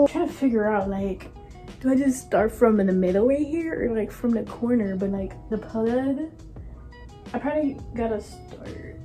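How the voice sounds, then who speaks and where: A woman vlogging casually from her room, excitable and gushing as she talks to her viewers. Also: on the high side, moderate pace, breathy edge, faint music behind. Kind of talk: casual vlog chat.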